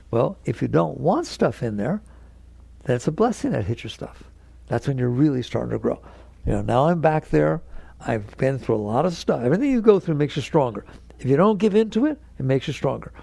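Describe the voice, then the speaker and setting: A man with a gravelly, slightly high voice leads a spiritual lecture, leaning hard on repeated key words. He slips into little acted voices and chuckles as he explains. The sound is close and dry. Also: dark tone, no echo. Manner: acts out inner voices in quotes. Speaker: spiritual teacher.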